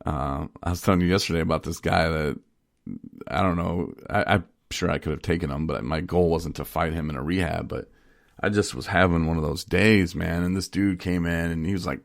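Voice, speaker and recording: A man's voice: low-pitched, fairly even intonation, moderate pace, vocal fry, no room sound. A young man co-hosting a podcast in casual chat, telling candid stories in a rambling way with frequent restarts, speaking into a studio microphone. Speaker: podcast co-host.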